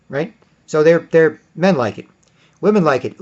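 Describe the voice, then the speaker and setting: A man delivering a rambling monologue, often putting on high mocking voices for other people. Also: expressive, moderate pace, long pauses, darkish tone. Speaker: commentator. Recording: dull lo-fi recording.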